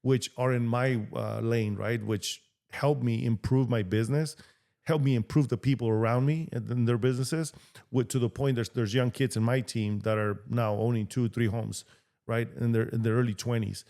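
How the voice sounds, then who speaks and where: Mexican-born man, middle pitch, animated storyteller, podcast guest. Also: normal speed, gravelly. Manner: animated, acts out quoted dialogue. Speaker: podcast guest, real estate agent. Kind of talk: storytelling interview talk.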